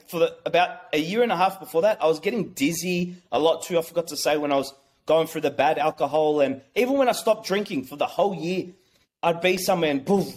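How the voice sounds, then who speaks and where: Excitable man telling a story, swearing. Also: fairly high pitch. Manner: acts out quotes. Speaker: guest. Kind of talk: casual storytelling.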